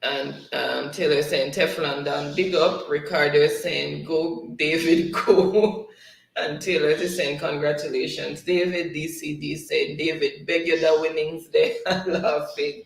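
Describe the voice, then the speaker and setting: A man's voice: a little high, fairly even intonation, unhurried, creaky. A man hosting a casual livestream, reading viewer comments aloud and laughing often between them. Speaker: livestream host. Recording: roomy, distant from the mic.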